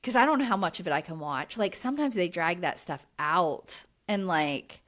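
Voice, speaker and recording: A woman's voice: lowish voice, expressive, moderate pace, a bit bright. A woman co-hosting a podcast, recapping reality TV in casual chat, chatty and exasperated, full of fillers. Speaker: podcast co-host.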